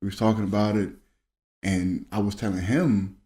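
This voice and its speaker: A man's voice: on the low side, steady tone, moderate pace, dark tone. A young man from Maryland co-hosting a casual chat and telling stories, acting out what people said. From Maryland, USA. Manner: storytelling, acts out quoted dialogue. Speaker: podcast co-host. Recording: echoey room.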